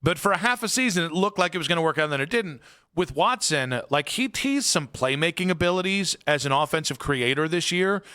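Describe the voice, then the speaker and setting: A man's voice: a little high, expressive, fairly quick, bright, forceful tone, smooth. A man hosting sports talk radio, rambling and opinionated, heavy with fillers and restarts in casual studio chat.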